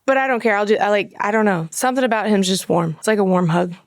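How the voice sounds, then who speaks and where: Animated woman podcast guest, dry close sound. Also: mid-range voice, quick pace, no room sound. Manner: animated, acts out quoted voices in storytelling. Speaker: podcast guest, actress and makeup artist. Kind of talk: casual chat.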